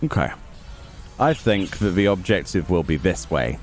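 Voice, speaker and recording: This gaming YouTuber has a low-pitched, sing-song voice and a moderate pace. His casual let's play commentary is grumbling and sarcastic, and game music plays under his voice.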